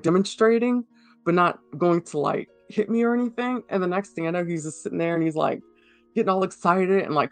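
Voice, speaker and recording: A man giving a halting personal account in an interview, full of fillers and restarts. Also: on the high side, no room sound.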